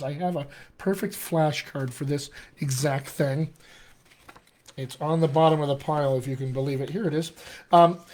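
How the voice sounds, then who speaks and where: An American man, a dialect coach, teaching casually on a live stream, chatting with viewers and using many fillers. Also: fairly high pitch. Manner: chatty and filler-heavy, greets viewers by name.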